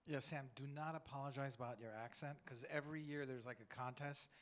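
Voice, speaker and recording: A man's voice: mid-range voice, steady tone, fairly quick, fairly bright tone. A man moderating a business panel, handing over to speakers with light, teasing humor.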